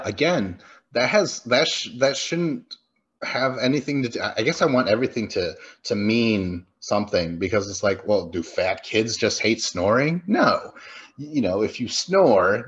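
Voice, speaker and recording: A man co-hosting a podcast, rambling and animated in a casual movie review chat. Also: fairly low pitch, slightly rough, highs cut off. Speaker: podcast co-host.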